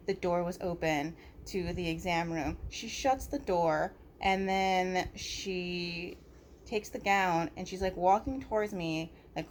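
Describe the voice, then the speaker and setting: A woman's voice: fairly low pitch, a little hiss or hum. A woman vlogger talking straight into her phone camera about a personal complaint, blunt and profane, leaning on fillers like "basically" and "like".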